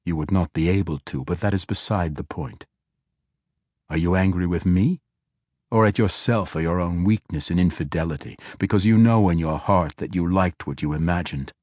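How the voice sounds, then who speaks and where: A man's voice: low-pitched, moderate pace, a little mellow, no echo, studio quality. A man voicing an arrogant, mocking male archmage in an audiobook, smug and sly. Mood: sneering. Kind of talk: audiobook character voice.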